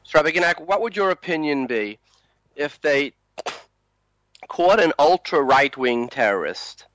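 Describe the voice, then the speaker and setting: A man hosting a talk program who introduces his guest and poses questions in an earnest, measured way. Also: fairly high pitch, lively intonation, a bit bright, dry recording. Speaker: talk show host.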